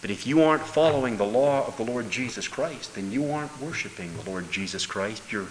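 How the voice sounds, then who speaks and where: A man preaching a sermon with emphatic delivery, dropping low and then bursting into loud exclamations. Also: expressive, fairly quick. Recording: hall reverb with faint noise.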